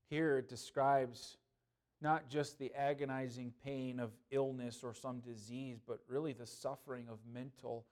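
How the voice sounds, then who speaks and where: A man, a pastor, preaching a sermon with passion, swinging between loud pleading and hushed earnestness. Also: mid-range voice, fairly even intonation, unhurried.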